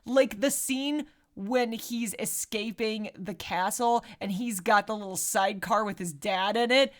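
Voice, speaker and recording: A woman co-hosting a podcast, telling the story of a movie in a casual, lively way, with swearing and frequent laughter. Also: mid-range voice, measured pace. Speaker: podcast co-host. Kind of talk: casual movie recap chat.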